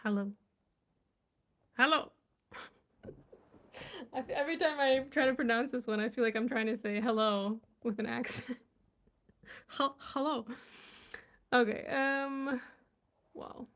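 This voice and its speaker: A woman with a fairly high voice speaks slowly and casually, stopping to sound out unfamiliar words piece by piece. She is curious and laughs at her own attempts as she chats to her viewers. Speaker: language vlogger. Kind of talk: casual live reading and chat.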